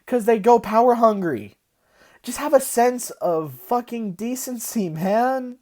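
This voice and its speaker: A young woman rants into her phone, worked up and cursing as she rambles. Her pitch swings wide, rising high and dropping low as she gets heated. She talks like someone losing patience with everything. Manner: profane, agitated, rambling. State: worked up, hysterical. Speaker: vlogger. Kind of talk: heated casual rant.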